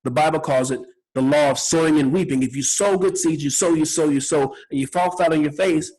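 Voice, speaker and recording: A man's voice: on the high side, steady tone, fairly quick, darkish tone, low-quality recording. A middle-aged man hosting a podcast, telling a personal story in an earnest, spiritual way, often repeating words. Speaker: podcast host.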